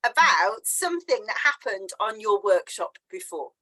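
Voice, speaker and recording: Woman host, chatty storyteller, very animated pitch. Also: moderate pace, rough recording. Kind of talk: casual conversational interview.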